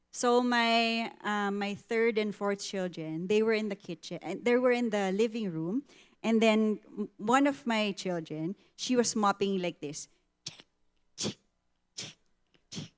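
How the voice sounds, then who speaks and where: A woman's voice: mid-range voice, a little slow, clear, resonant tone. A middle-aged woman with a Filipino accent, giving a conversational sermon testimony at a women's ministry, telling stories vividly, slipping into Tagalog and acting out what people said. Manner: animated storytelling, switching into Tagalog, acting out quotes.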